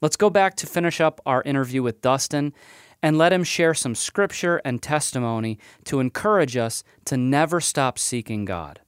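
A man hosting a faith show, giving a sincere scripted narration at a brisk clip. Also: medium pitch, lively intonation, clear, resonant tone, no room sound, clean studio sound. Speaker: show host.

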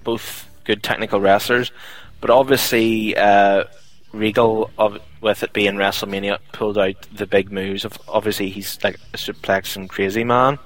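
A man's voice: on the low side, flat delivery, moderate pace, fairly bright tone, no room sound, rough recording. A man co-hosting a casual chat show, talking in a rambling way with many fillers. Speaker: podcast co-host.

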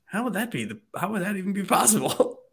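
A married man casually telling a long, animated story, acting out the people in it and swearing freely. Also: high voice, quick pace, breathy edge. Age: adult, married.

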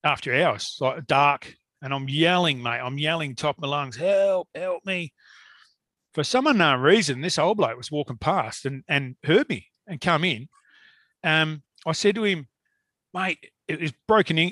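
Man, casual storyteller, slightly high voice, dry close mic, salty and lively. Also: no room sound. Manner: swearing, animated storytelling with laughs. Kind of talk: casual chat.

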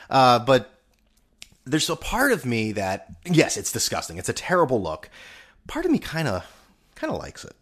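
A man's voice: medium pitch, wildly swooping pitch, moderate pace, fairly bright tone, breathy edge. A young man hosting a podcast, talking in a rambling, sarcastic and profane monologue. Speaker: podcast host. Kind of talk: casual monologue.

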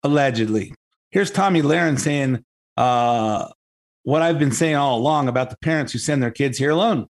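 A man's voice: mid-range voice, normal speed. A man hosting a talk show, delivering an opinionated commentary monologue in a sarcastic, mocking tone that rambles with many restarts.

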